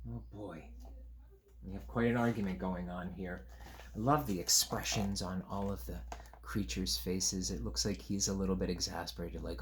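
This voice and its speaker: A man reading a picture book aloud to young children, chatting gently about the pictures between pages. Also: low-pitched, normal speed. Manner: animated, gentle, talks to young listeners. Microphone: camera on a tripod.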